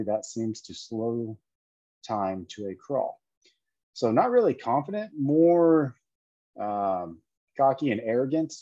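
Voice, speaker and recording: A man's voice: mid-range voice, big pitch swings, takes it slowly, long pauses, dark tone, no room sound, dull audio. A man giving an indignant, lecturing commentary full of rhetorical questions. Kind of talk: opinionated commentary video.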